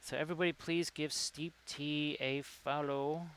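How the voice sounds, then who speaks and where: A man with a clear, resonant voice hosting a casual livestream. He rambles from one thing to the next and reads viewers' messages aloud. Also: a little high, steady tone, measured pace, fairly bright tone, rough recording. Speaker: livestream host. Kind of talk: casual chat while painting.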